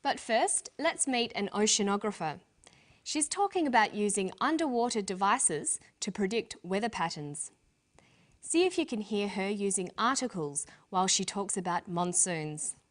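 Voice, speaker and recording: A woman's voice: medium pitch, lively intonation. Woman presenting an English lesson. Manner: clear, deliberate explanation with slowed example words. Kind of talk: scripted educational presenting.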